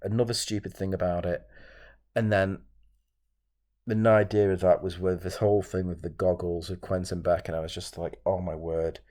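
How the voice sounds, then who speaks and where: A man's voice: sits low, little pitch movement, moderate pace, a little mellow. A man hosting his own channel, ranting solo to camera in an exasperated, repetitive way. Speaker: channel host reviewing films.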